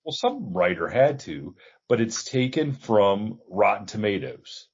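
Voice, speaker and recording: A man with a very low, husky voice hosts a casual podcast conversation, easygoing and quick to laugh as he trails off into fillers. The audio is dull and lo-fi. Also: big pitch swings. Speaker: podcast host.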